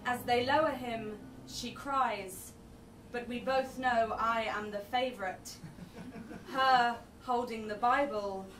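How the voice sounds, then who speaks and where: A woman's voice: on the high side, fairly even intonation, slow pace, fairly bright tone, faint music behind. Young woman performing poetry live, echoey. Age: young adult. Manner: wry, self-deprecating banter between poems. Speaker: poet. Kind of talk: live spoken word performance. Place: live event venue. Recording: echoey room, distant mic, venue noise.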